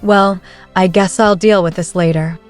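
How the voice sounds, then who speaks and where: A woman's voice: on the low side, steady tone, moderate pace, soft background music, lightly acted. Woman reads young male duke, direct and kind, own voice, storybook recap. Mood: matter-of-fact. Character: young duke, blunt but caring.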